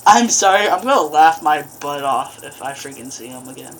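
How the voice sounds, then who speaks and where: A woman's voice: low-pitched, expressive, normal speed, fairly bright tone, a little hiss or hum. A woman doing horror game commentary, jumpy, breaking into screams and laughs at the scares. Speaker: gaming video host.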